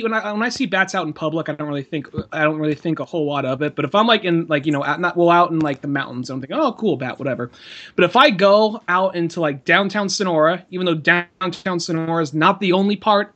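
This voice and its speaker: A man's voice: high-pitched, quick pace, hardly any pauses, pushed and bright. A man co-hosting a podcast, telling rambling stories in casual chat, swearing freely and laughing often. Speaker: podcast co-host.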